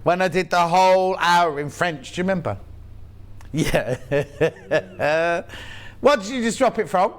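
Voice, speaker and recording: A man's voice: high-pitched, expressive, takes it slowly. A man with a Yorkshire accent presenting live on a shopping channel, chatty and playful with jokey asides.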